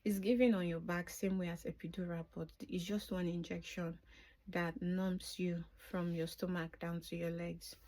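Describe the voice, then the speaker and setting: Woman, middle-aged, unscripted personal vlog, emotional, slips into whispers, lower pitch. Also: little pitch movement, normal speed, a little mellow. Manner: emotional, drops to a whisper at tender moments. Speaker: vlogger.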